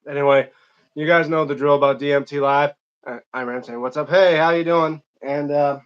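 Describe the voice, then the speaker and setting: A man's voice: mid-range voice, a bit bright, smooth, muffled recording. A young man from Michigan hosting an unscripted live stream, reading chat comments aloud and answering them in a rambling, casual way.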